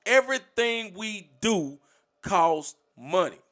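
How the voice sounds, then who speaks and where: A man's voice: high voice, animated, takes it slowly, fairly bright tone. A man on a livestream, speaking bluntly and profanely, lecturing his community in a preachy rant.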